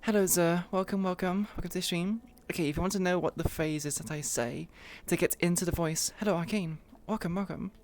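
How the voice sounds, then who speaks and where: A woman's voice: lowish voice, a little mellow. A woman hosting a roleplay live stream in casual chat into her own microphone, swearing freely and laughing at herself.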